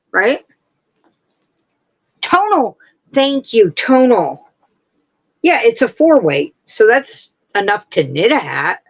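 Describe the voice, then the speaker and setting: A woman hosting a casual livestream, chatting and gushing with excitement. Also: on the high side, highs cut off. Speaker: livestream host. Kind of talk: casual chat.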